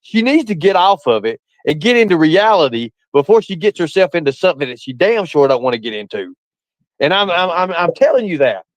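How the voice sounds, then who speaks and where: A man's voice: on the high side, no room sound, low-quality recording. A man, calling into a live stream and ranting bluntly and defensively with plenty of cursing. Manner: blunt, profane, defensive, repeats himself for emphasis. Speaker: guest caller on a live stream. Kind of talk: ranting casual chat.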